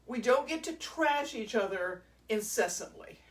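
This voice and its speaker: A woman's voice: on the high side, lively intonation, a little slow, far from the mic, noisy background. A woman who plays drums in a band, chatting on a casual livestream, laughing often and rambling through stories. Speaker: drummer and show host. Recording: roomy sound from away from the mic.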